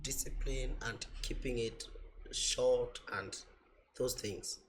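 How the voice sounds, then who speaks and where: A man teaching an online trading class, explaining slowly with repetition and fillers, his voice a little off from a cold. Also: mid-range voice, fairly even intonation, background noise. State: voice slightly off from a cold. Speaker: forex trading instructor.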